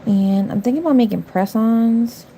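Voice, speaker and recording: Livestreaming while she does nails, a middle-aged woman speaks bluntly and casually, firing sassy comebacks at chat viewers. Her warm voice sits on the high side at a normal speed, with slight background noise in the audio.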